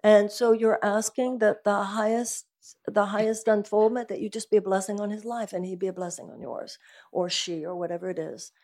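A woman speaking as a guest at a live event, talking about spiritual life in an earnest, animated, emphatic way. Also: medium pitch, fairly quick. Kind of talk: conversational talk at a live event.

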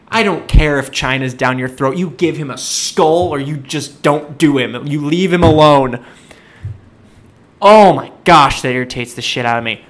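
A man ranting in exasperation during a casual movie review chat, swinging into loud outbursts. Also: medium pitch.

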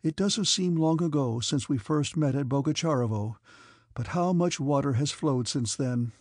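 A man voicing a reserved, sad young nobleman who speaks softly and with restraint. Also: on the high side, normal speed, no echo, studio quality, natural voice. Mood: restrained.

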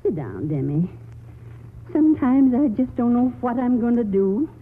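A woman's voice: on the high side, sing-song, moderate pace, husky, heavily acted. An actress playing a worried, pious elderly grandmother in a 1940s radio play. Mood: weary. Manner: fretful, scolding gently. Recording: tinny old radio broadcast with reverb.

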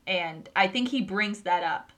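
A woman talking casually on a podcast, animated and swearing as she rants about a show. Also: medium pitch, unhurried. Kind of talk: casual chat.

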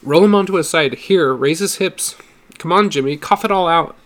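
A man's voice: on the high side, moderate pace, voice pushed up, natural voice. A man voicing a father who gives urgent, commanding orders. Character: urgent father reviving his son.

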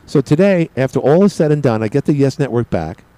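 Chatty Brooklyn-accented radio host. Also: male voice, medium pitch, lively intonation, fairly quick, dark tone, dry recording, poor audio. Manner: chatty, digressive, self-deprecating. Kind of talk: rambling monologue.

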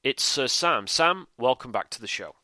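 A man's voice: mid-range voice, expressive, normal speed, bright, forceful tone, dry recording. A man hosting a podcast, talking in a chatty, rambling way. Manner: chatty, rambling, upbeat plugs. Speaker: podcast host. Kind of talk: casual podcast chat.

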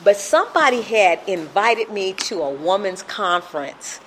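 A woman's voice: medium pitch, lively intonation, measured pace, a bit bright, slight background noise, low-quality recording. A middle-aged woman sharing a personal recovery testimony in an earnest storytelling manner, acting out the voices she quotes.

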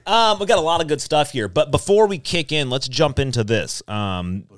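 A male podcast host who chats casually and tells long, rambling stories. His voice is smooth and resonant, and his pitch moves around a lot. It sounds close and dry, with no room echo. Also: animated, moderate pace. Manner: rambling storyteller, lots of fillers and laughs. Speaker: podcast host and board operator. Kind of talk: casual chat.

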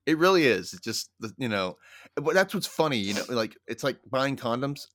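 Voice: medium pitch, big pitch swings, moderate pace, fairly bright tone, no room sound, studio quality. A podcast guest in casual chat, talking loosely with lots of "like" and "you know.".

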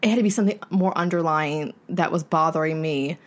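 A young woman co-hosting a podcast in casual chat, telling her own story in animated bursts with halting restarts. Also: low-pitched. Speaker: podcast co-host.

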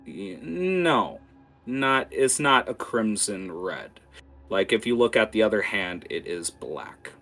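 Unhurried man narrating as game master. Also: fairly low pitch, sing-song, gravelly, fairly bright tone. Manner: vivid descriptive narration with many "like" fillers.

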